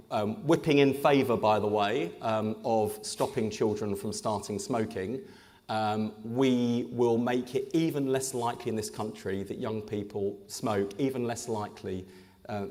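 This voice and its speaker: A man's voice: fairly low pitch, darkish tone. English guy politician cracking jokes on stage, big echoey hall. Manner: joking, punchy political delivery. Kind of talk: live conference conversation on stage. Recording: echoey hall with long reverb.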